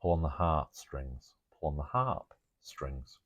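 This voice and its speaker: A man's voice: extremely low pitch, sing-song, slow pace, fairly bright tone, lo-fi sound. A man talking through his speculative ideas in a rambling monologue, thinking aloud with jokey asides and chuckles. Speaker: alternative history presenter.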